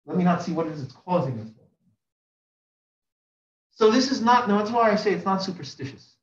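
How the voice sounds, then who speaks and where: A rabbi delivers a religious lecture in a high, animated voice at a fairly quick clip, piling up repeated phrases and climbing sharply for emphasis. The recording is roomy and dull, captured from a distant mic.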